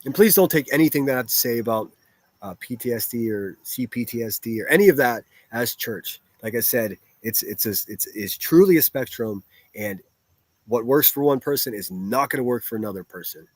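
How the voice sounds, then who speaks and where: A man hosting a live stream who answers his chat bluntly and swears freely. His voice sits at an ordinary middle pitch. The sound is dry and close, with no room around it. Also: animated, a little fast, no room sound. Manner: blunt, profane, rambling with restarts. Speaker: livestreamer reading chat.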